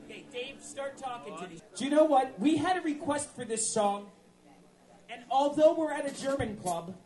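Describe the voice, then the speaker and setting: A man's voice: very high-pitched, animated, moderate pace, a little mellow, faint music behind. A man bantering on a club stage, joking and hyping up the crowd. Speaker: bandleader.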